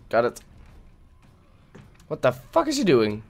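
A man's voice: mid-range voice, huge pitch swings, slow. A man giving live gameplay commentary, frustrated and swearing at the game as he plays. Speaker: gameplay video creator.

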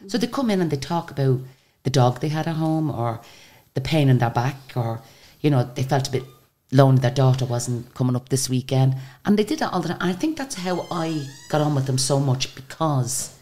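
A woman's voice: very deep voice, animated, brisk, hardly any pauses, warm tone. An Irish woman, a guest in a casual interview, tells a long story in a chatty way, with restarts and asides, and acts out the people she quotes.

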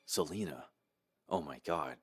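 A man's voice: extremely low pitch, measured pace, husky, full character voice. A man voicing a frightened, guilty husband who speaks in a shaken, pleading way over faint music. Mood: panicked.

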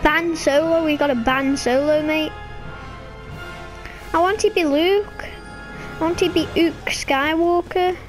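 Very high-pitched, excitable female gamer. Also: measured pace, pauses often, soft background music. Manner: excitable, chatty, sudden high squeals. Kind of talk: casual gameplay commentary.

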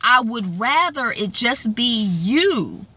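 Woman playing an earnest young man, polite suitor, slow, bright voice. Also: fairly high pitch, sing-song, pitched above the performer's own voice, exaggerated voice. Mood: hopeful.

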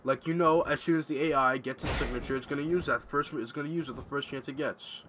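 A man's voice: medium pitch, fast, background noise. Ranting young man commenting on gameplay. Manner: ranting, casual, swears a lot. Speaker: gamer commentator. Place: home room.

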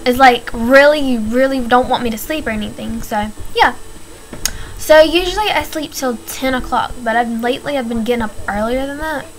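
A woman's voice: a little high, normal speed, poor audio. A teenage girl ranting casually in a vlog, chatty and exasperated, full of "like". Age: teens. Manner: chatty, filler-heavy, exasperated. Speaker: vlogger.

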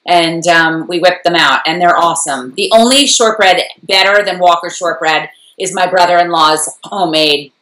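A woman co-hosting a fan recap show, chatting casually and rambling with a quick laugh. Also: fairly low pitch, fairly bright tone, echoey room, low-quality recording. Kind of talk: casual chat.

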